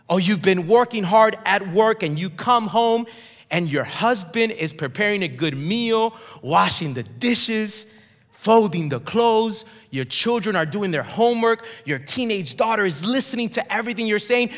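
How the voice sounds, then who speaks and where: A high-pitched male pastor preaching with emphatic, rising intensity. He calls on the congregation to repeat words after him. His voice rings through a large church hall with a long reverb tail. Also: lively intonation, normal speed. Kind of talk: sermon.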